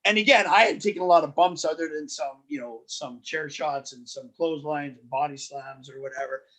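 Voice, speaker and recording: A man guest on a podcast, telling road stories in a lively, animated way, often restarting his sentences. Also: on the high side, brisk. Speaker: wrestling promoter and guest. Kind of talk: casual podcast storytelling.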